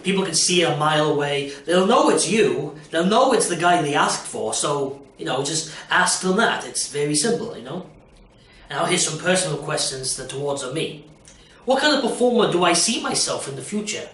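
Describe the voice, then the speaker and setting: Young guy rambling on about acting, kinda high voice, off mic, echoey room. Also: expressive, moderate pace, fairly bright tone, distant mic. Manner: rambling, jokey, lots of "you know". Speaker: aspiring performer. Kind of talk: casual self-recorded audition talk.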